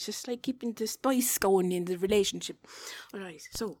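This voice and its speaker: In a dry recording, an Irish woman performs a soft, breathy whispered role-play at a moderate pace with a mid-range voice. She repeatedly stops to chat, coming across as awkward and self-mocking.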